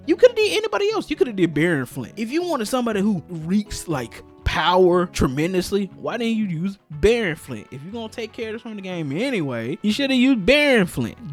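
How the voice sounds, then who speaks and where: A young man rants casually about a movie he dislikes, his voice a little high and swinging all over as he gets worked up. He laughs often and circles back on his own points in exasperation. Faint music plays quietly underneath. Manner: animated, exasperated, laughing often, repeats himself. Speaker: gaming video host. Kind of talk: casual opinion rant.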